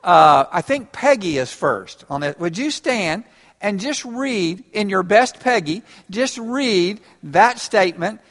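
A man's voice: high-pitched, expressive, takes it slowly, a bit bright. A man preaching an interactive sermon, talking conversationally and laughing along with his congregation. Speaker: pastor. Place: church. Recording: reverberant church hall.

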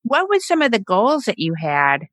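A woman's voice: on the high side, wildly swooping pitch, normal speed, a bit bright, no room sound. A woman hosting an interview, asking encouraging questions in a casual, conversational way. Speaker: podcast host, organizing consultant.

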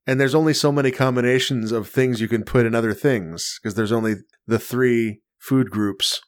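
A man hosting a podcast in casual chat, wry and joking, quick to laugh. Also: mid-range voice, steady tone. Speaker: podcast host.

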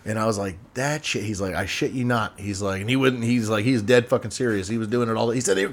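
A man's voice: on the low side, steady tone, fast talker. A man hosting a casual barbershop chat, telling crude stories with frequent laughter. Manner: crude storyteller, laughing often. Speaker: podcast host.

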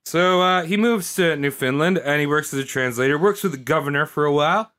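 A man's voice: fairly high pitch, a little fast, clear, resonant tone. A man co-hosting a casual podcast, retelling history in a jokey, swearing way. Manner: animated, swearing, jokey storyteller. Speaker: podcast co-host.

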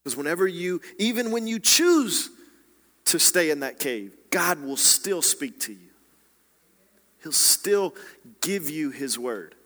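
A man preaching a sermon as a pastor, swinging between hushed, quiet passages and loud, rising exhortation. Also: a little high, very animated, slow pace, in a large hall.

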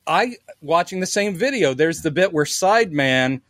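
A podcast co-host with a somewhat high voice chats casually about old comedies, animatedly acting out quoted lines with laughs. He talks at normal speed in a dry, clean studio recording.

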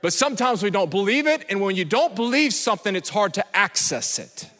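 Male pastor, emphatic sermon, high piercing voice, rings through a church hall. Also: very animated, a little fast, a bit bright. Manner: emphatic, repeats himself, asks the crowd questions. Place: church sanctuary. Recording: long reverb of a large church hall.

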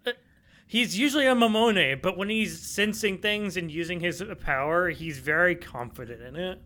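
Bright-voiced man musing with fillers. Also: sits high. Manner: thoughtful, halting with fillers, laughs. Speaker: podcast co-host. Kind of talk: casual chat.

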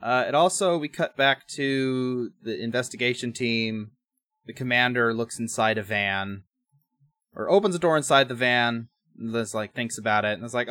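A man's voice: mid-range voice, moderate pace, bright, forceful tone. A man co-hosting a podcast, recapping an episode in casual chat, rambling with restarts and wry asides. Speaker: podcast co-host.

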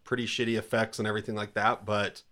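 A man's voice: fairly low pitch, fast. A man hosting a casual podcast chat, moving the group from topic to topic. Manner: steers topics, relaxed. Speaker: podcast host.

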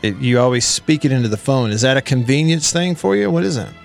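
A man's voice: medium pitch, lively intonation, fast, gravelly, faint music behind. A man hosting a country radio show, chatting casually and rambling with a co-host, often laughing. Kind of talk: casual on-air banter. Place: radio studio.

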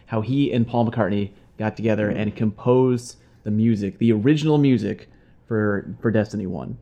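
A man hosting a casual podcast, recapping the story for listeners in a relaxed way with fillers. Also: lowish voice, muffled recording. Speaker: podcast host.

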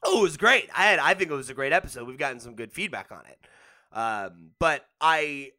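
A man's voice: a little high, animated, a little fast, pushed and bright. A man hosting a casual gaming podcast, bantering and laughing easily with his co-host.

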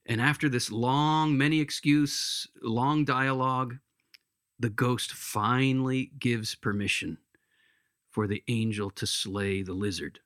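A man's voice: medium pitch, fairly bright tone, no room sound, clean studio sound. An earnest man retelling a story in conversation, with hesitant restarts. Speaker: speaker giving spiritual counsel.

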